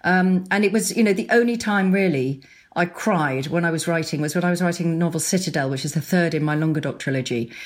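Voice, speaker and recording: A middle-aged woman novelist speaking as a guest in a casual interview. Her voice sits on the lower side, and she talks in an animated, tumbling way, often restarting her sentences and breaking into laughter. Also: fast talker.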